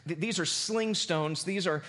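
A man preaching a sermon, retelling a scripture story in a loose, casual, animated way. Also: high-pitched, unhurried. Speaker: pastor.

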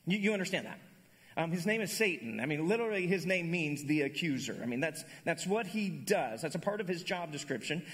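A male pastor giving a sermon, animated and conversational, often restarting phrases. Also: sits high. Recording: echoey hall.

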